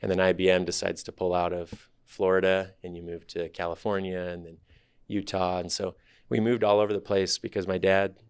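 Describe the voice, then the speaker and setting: A man in his thirties, a startup CEO guest on a podcast interview, telling his story in a relaxed, candid, thoughtful way. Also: deep voice, a little fast, few pauses, smooth, no room sound, clean studio sound.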